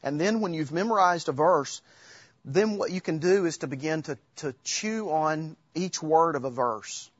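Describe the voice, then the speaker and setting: A man's voice: a little high, breathy edge, no room sound, muffled recording. A man giving an informal church teaching talk, quoting Bible verses from memory with frequent halts and restarts. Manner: halting, restarts while quoting Scripture from memory.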